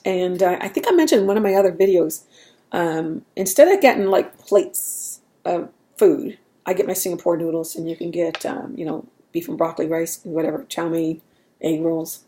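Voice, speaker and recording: A woman's voice: lowish voice, moderate pace, dark tone. A woman talking in a casual, rambling way at home, laughing at herself as she goes. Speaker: vlogger. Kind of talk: casual chat.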